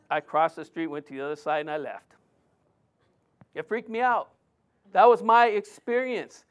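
A middle-aged man preaching a sermon, telling a personal story in a lively way with many restarts and fillers. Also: extremely high pitch, normal speed, clean tone.

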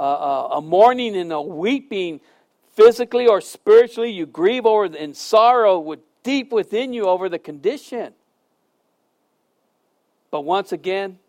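High pitched guy preaching a sermon, chatty, emphatic, repeats himself for effect. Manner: animated, storytelling with sudden loud and soft swings. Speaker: pastor. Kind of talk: conversational sermon.

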